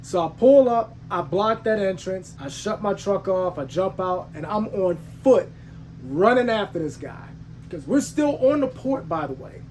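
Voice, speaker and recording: A heated male trucker who hosts his own channel tells a story casually to camera, retelling it emphatically with slangy asides and frequent restarts and self-corrections. His voice is high-pitched with lively intonation, an unhurried pace, and a darkish tone, with a little hiss or hum.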